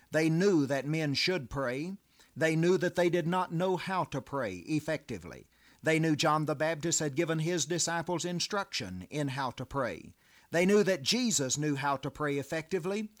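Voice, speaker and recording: Measured, preaching man with a raised pitch. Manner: measured, deliberate, teaching with rhetorical questions. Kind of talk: scripted devotional sermon.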